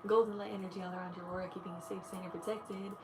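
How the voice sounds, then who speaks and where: A young woman, an energy healer, guiding a meditation in a soft, slow voice on a live stream. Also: mid-range voice, little pitch movement, noisy background. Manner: bubbly and gushing when chatting. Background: music playing.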